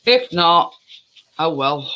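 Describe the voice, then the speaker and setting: A man's voice: on the high side, animated, slow, sharp tone, low-quality recording. A man chatting in a rambling, easily distracted way as he bakes in his home kitchen. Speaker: home baking vlogger. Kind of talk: casual chat while baking.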